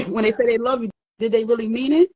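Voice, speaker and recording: A woman's voice: on the high side, fairly even intonation, fast, warm tone, no echo, lo-fi sound. A woman giving earnest, emphatic advice in a casual talk, often repeating words as she goes. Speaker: therapist host.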